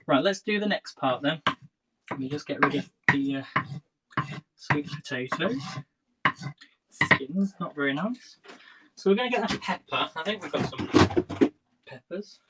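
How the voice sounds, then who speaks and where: Guy in his 30s doing a live cooking stream, slightly high voice, chatty, kitchen clatter and clicks behind. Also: lively intonation, unhurried, long pauses, very noisy. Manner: chatty, talks to viewers while cooking. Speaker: cooking livestream host. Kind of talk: casual live cooking chat. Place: home kitchen. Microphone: phone livestream.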